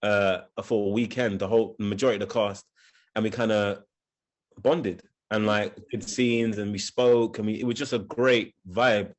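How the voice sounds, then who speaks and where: A man's voice: lowish voice, steady tone, moderate pace. A man with a London accent, talking casually as an interview guest, loose and full of fillers. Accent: London English. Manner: easygoing, rambling, with fillers and restarts.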